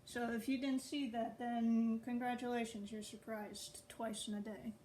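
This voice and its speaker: Chatting offhandedly to viewers, a young adult woman, an online writer and video creator, rambles and laughs at herself. Her voice sits on the high side, mellow and flat, and she takes her time; the phone audio is poor, with slight background noise.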